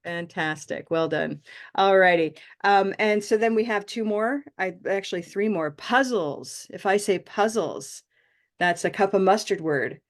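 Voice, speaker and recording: A woman leads an online pronunciation class, speaking through a video call mic. She praises her students warmly and stretches out vowel sounds so they can copy them. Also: medium pitch. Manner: encouraging, models vowel sounds slowly. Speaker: pronunciation teacher.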